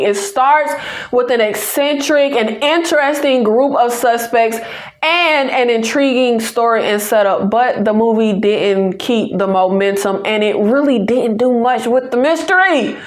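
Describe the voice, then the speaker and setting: A woman from the American South with a Southern accent, hosting a casual movie review channel and chatting to viewers in a sassy, teasing way. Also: on the high side.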